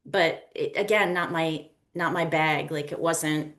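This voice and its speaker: A woman co-hosting a podcast in casual chat, talking in a chatty, animated way with lots of "you know". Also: low-pitched, a little slow. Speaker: guest co-host.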